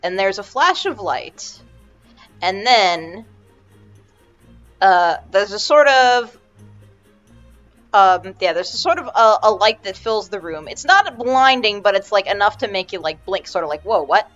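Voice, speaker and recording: A woman's voice: medium pitch, animated, measured pace, long pauses, a bit bright. Brief: woman game master, rambling narration, dull lo-fi sound with faint music. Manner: rambling, restarts often, many fillers.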